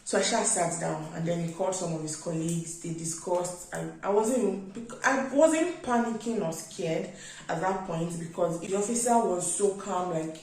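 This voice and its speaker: A young Nigerian woman with a Nigerian English accent, telling a travel story in a chatty, animated way with many filler words. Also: lowish voice, normal speed, far from the mic. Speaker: vlogger. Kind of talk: casual storytelling. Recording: very echoey room, speaker away from mic.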